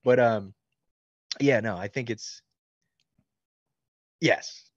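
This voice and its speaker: A man's voice: mid-range voice, very slow, breathy edge, no room sound. Male author, 30s, casual rambling interview talk; dry, slightly muffled recording. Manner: loose and rambling, many likes and ums, laughs easily. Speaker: author answering fan questions.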